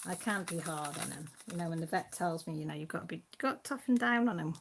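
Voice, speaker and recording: A woman's voice: on the low side, fast talker, slight background noise. A woman hosting a casual live-stream chat from home, reading out and answering viewer comments. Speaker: channel host. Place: at home with her pets.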